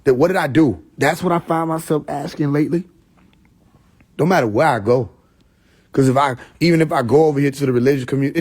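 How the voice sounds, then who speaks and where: Profane, laughing man ranting on a livestream. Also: medium pitch. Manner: profane, mocking, laughing, swings between loud and muttered. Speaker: livestream host. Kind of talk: casual livestream rant. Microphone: phone.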